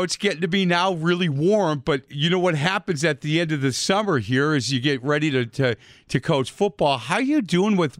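Chatty male radio host, slightly high voice. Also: a bit bright, no echo, clean studio sound. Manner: rambling storyteller with many fillers and restarts. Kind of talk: casual radio chat.

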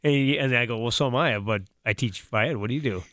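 A high school football coach co-hosts a radio show and tells long stories that wander along. He talks very fast. The sound is dry and close to the mic. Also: fairly bright tone, no echo. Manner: rambling, quick storyteller. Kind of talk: casual radio chat.

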